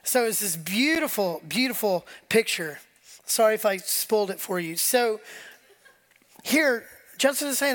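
Man preaching to a congregation; animated, casual, slips into quoted dialogue. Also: high-pitched, unhurried. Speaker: pastor. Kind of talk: conversational sermon. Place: church sanctuary with congregation.

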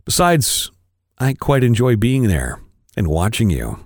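A man reading as an eager young husband, flustered and stammering, his low voice jumping around a lot. Dry, close sound. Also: very animated, no room sound, exaggerated voice. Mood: reassuring. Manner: flustered, quick exclamations.

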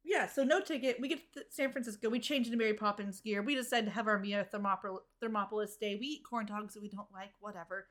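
A woman's voice: mid-range voice, steady tone, quick pace, few pauses, a bit bright. A woman co-hosting a podcast who chats casually and tells a story, hedging with fillers. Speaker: podcast co-host. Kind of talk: casual chat.

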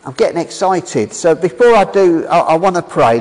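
A man with a fairly high voice preaches an enthusiastic sermon in a large hall, captured on a rough recording. He is animated, putting questions to the congregation and reading scripture aloud with pauses.

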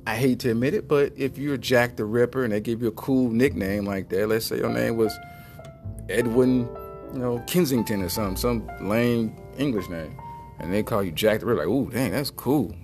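A man hosts a comedy podcast, riffing in a loose, rambling way. His voice is medium-pitched and casual, and he slips into silly put-on voices. Faint music plays underneath. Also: normal speed, a little mellow. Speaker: podcast host. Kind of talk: comedic monologue.

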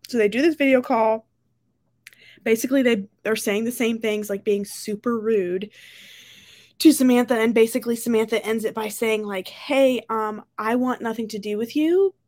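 A woman's voice: a little high, normal speed, a little mellow. A woman co-hosting a casual book podcast, recapping the plot animatedly with many fillers over a video call. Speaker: podcast co-host. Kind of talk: casual book club chat.

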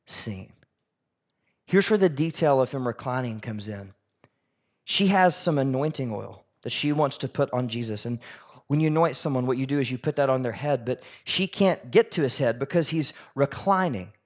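Animated pastor preaching, man with a fairly high voice. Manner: animated, acts out voices of people in the story. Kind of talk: sermon.

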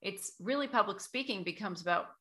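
A woman who coaches voice and public speaking, giving measured, explanatory answers as an interview guest. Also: medium pitch, expressive, bright, forceful tone.

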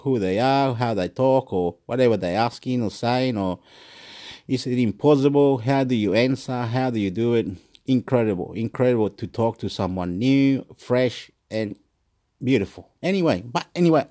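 A man's voice: mid-range voice, a little mellow. An Australian man in a casual solo chat, rambling and repeating himself with plenty of swearing. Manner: rambling, repetitive, swears freely. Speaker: vlogger.

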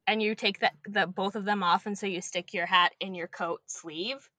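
A woman's voice: medium pitch, steady tone, normal speed, sharp tone, no echo. A young woman and preschool teacher chatting as a podcast guest, telling stories animatedly and swearing casually.

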